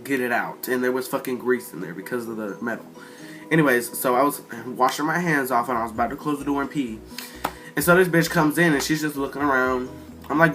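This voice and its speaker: A man rambles through a storytime monologue in a bright, forceful voice, swearing constantly as he retells what happened. His pitch sits at an ordinary middle height, and faint music plays behind him. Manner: profane, rambling, animated retelling. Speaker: storyteller vlogger.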